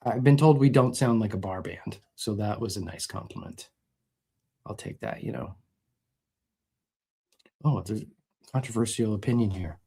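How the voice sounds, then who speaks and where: A middle-aged man hosting a casual guitar livestream, reading viewer comments and explaining gear in a relaxed, roundabout way. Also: fairly low pitch, normal speed, gravelly, pauses often, slightly rough. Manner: relaxed and explanatory, with many restarts. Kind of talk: casual live chat answering viewer comments.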